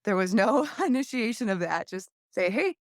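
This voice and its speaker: Woman, young adult, interview guest, casual storytelling, candid, gravelly. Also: mid-range voice, moderate pace, no echo, clean studio sound. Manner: candid, animated storytelling with quoted voices. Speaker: podcast guest, grappler.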